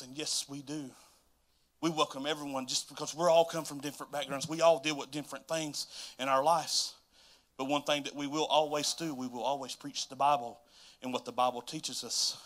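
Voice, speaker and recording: Bright-voiced pastor preaching. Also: male voice, on the high side, fairly even intonation, fairly quick. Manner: casual and emotional, swinging between loud exclamations and soft asides. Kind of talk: sermon. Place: church sanctuary.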